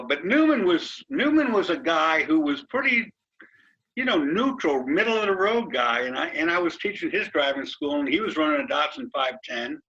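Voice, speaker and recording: An older man, telling racing stories in an animated, folksy way over a video call. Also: fairly high pitch, dull audio. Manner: animated, folksy storyteller, colorful cursing. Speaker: racing driver guest.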